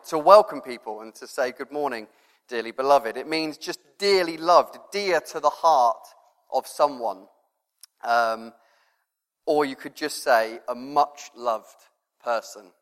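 Guy giving a relaxed rambly sermon, mid pitch voice, lots of hall reverb. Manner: chatty, rambling with fillers. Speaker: preacher. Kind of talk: informal sermon.

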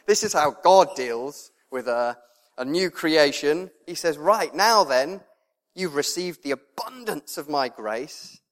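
A male preacher, giving a sermon with lively storytelling and laughter. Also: a little high. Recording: long reverb in a hall.

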